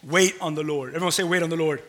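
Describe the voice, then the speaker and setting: A man preaching a sermon with passion, swinging between hushed, intimate lines and loud, rising calls, repeating phrases rhythmically and calling on the congregation to respond. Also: fairly high pitch, quick pace, background noise. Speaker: pastor.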